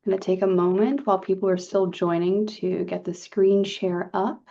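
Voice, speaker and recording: A woman leading a guided relaxation session, speaking calmly and gently with soft pauses. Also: medium pitch. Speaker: meditation guide. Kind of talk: guided meditation talk. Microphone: video call. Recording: dull lo-fi video call audio.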